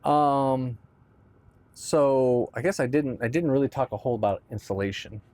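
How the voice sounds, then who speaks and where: A man's voice: medium pitch, normal speed, darkish tone. A man casually explaining boat gear in a conversational how-to talk, often checking in with "right?". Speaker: boat owner explaining boat tops.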